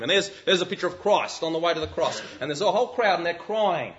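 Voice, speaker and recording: A man preaching a sermon, animated and full of rhetorical questions. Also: a little high, brisk, lo-fi sound.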